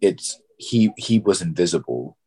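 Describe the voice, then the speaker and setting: A man's voice: low voice, expressive, a little slow, mellow, breathy edge. A man co-hosting a podcast, eagerly jumping in over others in casual sports chat.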